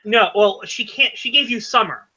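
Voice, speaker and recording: High, bright-voiced game master. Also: male voice, muffled recording. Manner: halting, many fillers and self-corrections. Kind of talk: narrating a tabletop game.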